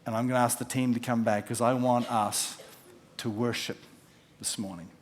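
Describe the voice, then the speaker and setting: A man, a pastor preaching a sermon, telling stories and acting out the quotes, dropping from loud to hushed. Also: mid-range voice, level tone, moderate pace, slight background noise. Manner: storytelling with acted-out quotes, swinging from loud to hushed.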